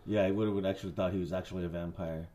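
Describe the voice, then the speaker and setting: A man's voice: sits low, steady tone, very fast, dark tone. A man co-hosting a casual movie review chat, recapping the plot bluntly and with plenty of swearing. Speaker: podcast co-host.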